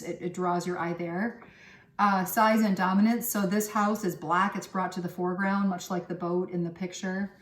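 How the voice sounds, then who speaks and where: A woman teaching a recorded remote art lesson, explaining step by step in a relaxed way with frequent ums and uhs. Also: medium pitch, recorded from a distance. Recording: roomy echo, voice set back from the mic.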